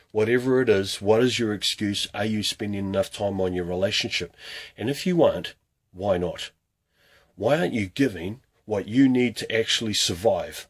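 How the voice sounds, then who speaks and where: A man's voice: fairly low pitch, moderate pace, slightly rough. A man talking to camera as a fitness coach, urging viewers with a string of earnest rhetorical questions. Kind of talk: motivational talk to camera.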